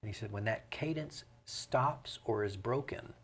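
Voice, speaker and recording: A middle-aged man, a mayor and pastor speaking as a guest in a relaxed interview, explaining things in a measured way. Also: on the low side, husky. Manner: measured, explanatory, breaks into rhythmic vocal imitations.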